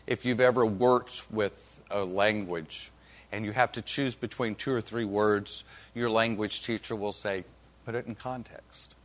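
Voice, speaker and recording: A man's voice: on the low side, a bit bright. A male pastor from Oklahoma reading scripture and preaching with folksy, wry humor. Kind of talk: sermon with storytelling.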